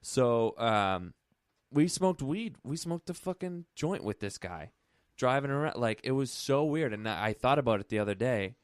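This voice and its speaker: A man's voice: mid-range voice, animated, normal speed, clean tone, no room sound, clean studio sound. A young man co-hosting a podcast, telling a rambling story in casual chat and swearing freely. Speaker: podcast co-host.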